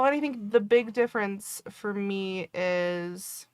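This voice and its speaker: A woman's voice: medium pitch, slow, smooth, no echo, clean studio sound. A woman co-hosting a podcast, chatting casually about a book with playful, emphatic asides. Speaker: podcast co-host. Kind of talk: casual book-club chat.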